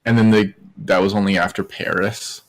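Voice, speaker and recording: A man's voice: low voice, little pitch movement, moderate pace. A young man co-hosting a casual esports podcast over a call, hesitant and often trailing off. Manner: hesitant, trails off, short agreeing replies. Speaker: podcast co-host. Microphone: remote call audio.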